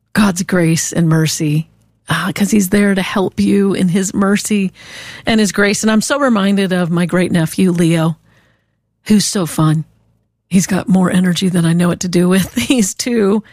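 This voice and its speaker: A woman hosting a short radio devotional, telling a story in a gentle, encouraging way. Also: lowish voice, a little slow, dry recording, clean studio sound. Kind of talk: spoken devotional.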